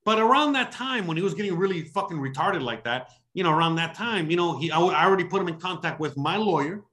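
Man, casual storyteller, fast and slightly high, profane, rambling, prone to loud acted-out outbursts. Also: expressive. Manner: rambling, swears a lot, many fillers like "you know what I mean"; acts out heated quotes with sudden loud high bursts. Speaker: expat services provider telling a story.

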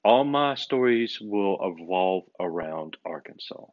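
A man's voice: lowish voice, moderate pace. A man telling stories in casual chat, acting out the voices of people in them. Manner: animated storyteller, acts out quoted voices. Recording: dull lo-fi recording.

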